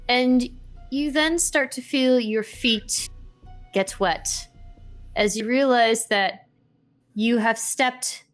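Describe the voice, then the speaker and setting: A woman running a tabletop game as game master, describing scenes in a hesitant way with many fillers. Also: on the high side.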